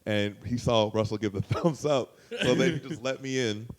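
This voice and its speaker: A man spinning a casual anecdote, loose and profane. He keeps the story moving with fillers and asides. When he acts out what others said, his voice leaps up in pitch and volume. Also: normal speed. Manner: animated, profane, jumps to high loud pitch when quoting others. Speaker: guest storyteller.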